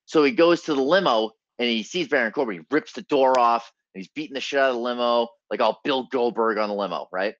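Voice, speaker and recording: A man's voice: mid-range voice, fairly quick, few pauses, fairly bright tone, no echo. A man co-hosting a podcast in casual chat, a laid-back storyteller. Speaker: podcast co-host. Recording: dull, dry sound.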